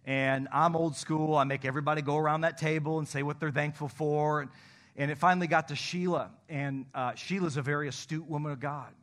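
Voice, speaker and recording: Candid, self-deprecating male pastor. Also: on the high side. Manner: acts out phone calls in animated voices; softens to a hushed, slow tone in prayer. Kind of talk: conversational sermon.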